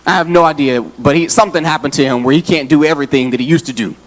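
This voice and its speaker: A man preaching in a church, his voice set a little high for a man. He jokes with the congregation and talks straight to them in a loose, casual way. He sounds out of breath, as if he has been running. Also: very fast. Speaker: associate pastor. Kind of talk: lively Father's Day sermon. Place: church sanctuary.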